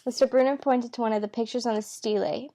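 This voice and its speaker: A woman's voice: on the high side, steady tone, quick pace, warm tone. Woman, casual read-aloud, stumbles and self-corrects, plain everyday voice. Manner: stumbles and corrects herself with asides; reads character lines in her own voice. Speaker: amateur reader.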